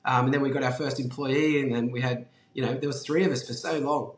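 A man with an Australian accent, a guest telling a story in a casual, animated way, swearing freely and saying "like" and "um" a lot. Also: mid-range voice, fast, roomy sound. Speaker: guest, brand founder.

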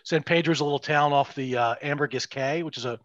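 A middle-aged man co-hosts a podcast, talking with a slightly high voice at a quick pace. He chats casually and rambles, restarting sentences and going off on asides. The recording is dry and lo-fi.

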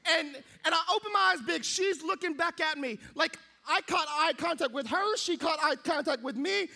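A young man preaching a sermon, telling a funny personal story and acting out his own thoughts in a lively way. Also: very high voice, moderate pace, creaky. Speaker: pastor.

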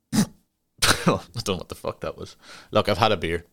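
Low-pitched and creaky, this young Irish host takes his time on his own podcast. His casual chat wanders, with offhand swearing and frequent laughter at where his tangents lead.

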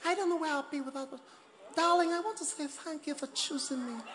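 A man's voice: very high-pitched, a little fast, a bit bright, pitched above the performer's own voice. A man voicing a gushing wife giving a theatrical, tearful-sounding speech of praise for her husband. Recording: live church with noisy crowd laughter.

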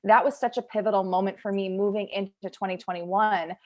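A woman hosts a casual podcast conversation. She speaks in a heartfelt, emotive way and often restarts her sentences. Her voice sits at a middle pitch. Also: steady tone, brisk, a little mellow. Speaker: podcast host.

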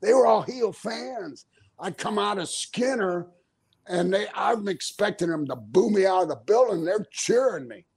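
A man's voice: sits high, expressive, unhurried, a little mellow, husky. An older man, a former pro wrestler, telling stories in a casual interview. He talks animatedly, laughs often and acts out the things people said.

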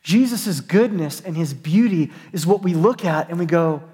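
A high-pitched male pastor delivers an earnest, emphatic sermon, often repeating and restarting his words. His voice rings out with a long reverb, as in a large hall. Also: normal speed, few pauses, warm tone.

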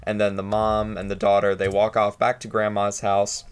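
A man's voice: on the low side, monotone, normal speed, clear, resonant tone. A young man chatting casually on a podcast, rambling with many fillers as he retells a story.

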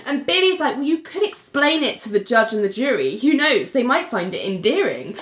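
A woman's voice: a little high, a little fast, echoey room. A woman co-hosting a podcast, retelling a show's episode in casual chat and acting out the characters' lines. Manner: animated, acts out characters' lines while retelling. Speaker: podcast co-host.

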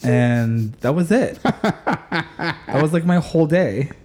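A man chatting casually with a friend and telling stories animatedly. He jumps into loud, high put-on voices when he quotes people. His tone is relaxed and talky. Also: takes it slowly. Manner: animated storyteller, acts out quotes loudly. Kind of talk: casual chat.

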